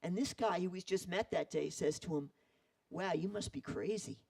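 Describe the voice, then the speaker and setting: A man retelling a story in an animated way, acting out the quoted voices. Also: sits high, moderate pace, vocal fry, breathy edge, distant mic, rough recording. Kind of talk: storytelling talk.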